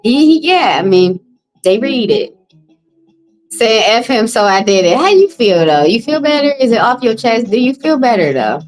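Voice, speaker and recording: A woman's voice: a little high, sing-song, normal speed, a little mellow, soft background music, low-quality recording. A woman reading tarot live for viewers, talking bluntly and profanely, teasing callers and laughing often. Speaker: tarot reader on a live stream. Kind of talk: casual live-stream chat.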